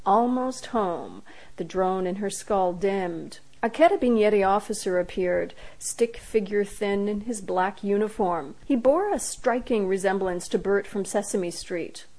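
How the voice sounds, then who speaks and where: Wry, animated woman reading her story. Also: medium pitch, a little slow, poor audio. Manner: animated, wry, jumps into characters' voices. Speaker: narrator.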